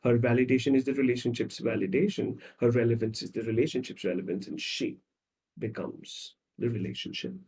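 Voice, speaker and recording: A man, a psychologist guest on a podcast, tells stories dramatically and acts out the scenes, swinging between loud and soft. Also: mid-range voice, steady tone, brisk. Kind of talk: podcast conversation.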